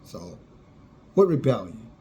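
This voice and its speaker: A man's voice: mid-range voice, big pitch swings, slow, mellow, a little hiss or hum. A man preaching a fiery sermon, scornful and sarcastic, often laughing at those he criticizes.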